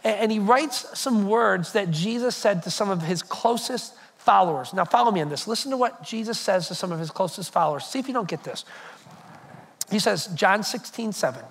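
A male pastor preaching a sermon to a congregation, animated and conversational, with frequent repetitions. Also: high-pitched. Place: church hall before a congregation.

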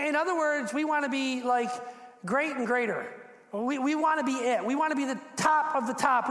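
A man preaching a sermon as pastor, animated, acting out quotes and repeating words as he builds. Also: high voice. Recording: echoey hall.

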